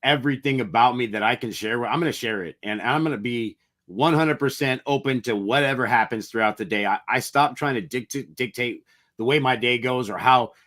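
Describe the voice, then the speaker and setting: A man's voice: medium pitch, a little fast, a bit bright. Earnest motivational podcast man. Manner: earnest, reflective, occasional mild swearing. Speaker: podcast co-host. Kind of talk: casual motivational chat.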